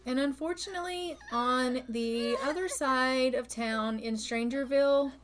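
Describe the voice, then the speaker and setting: A woman's voice: a little high, noisy background. Chatty woman narrating gameplay. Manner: chatty, acts out characters. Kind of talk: casual game commentary.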